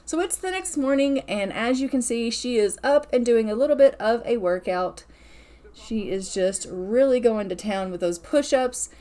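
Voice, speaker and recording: A woman's voice: on the high side, expressive, normal speed, mellow. Chatty woman narrating a life-sim game. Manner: chatty, playful, laughs often. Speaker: gaming channel host. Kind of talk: casual let's-play narration.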